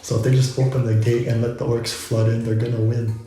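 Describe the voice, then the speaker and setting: A man's voice: medium pitch, flat delivery, fairly quick, background noise. A man vlogging, musing in a loose, rambling way full of asides. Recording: very echoey room.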